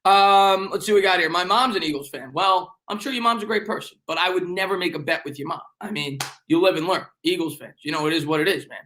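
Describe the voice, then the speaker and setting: A young man with a New York accent hosts a sports live stream, reading viewer comments fast in joking banter, rambling and repeating himself. His high, bright voice has a forceful tone, with slight background noise.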